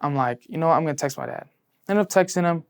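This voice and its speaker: A young man in his late teens, just out of high school, earnestly telling his personal faith story in an interview, full of "like" and moving between hushed and excited tellings. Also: racing, creaky, clean tone. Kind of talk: personal testimony in a sit-down interview.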